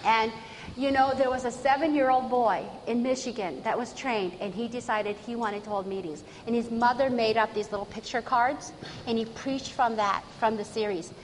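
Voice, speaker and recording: A woman training church members, telling stories with lively earnest enthusiasm. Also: on the high side, normal speed, in a large hall, a little hiss or hum, rough recording. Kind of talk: storytelling talk to an audience.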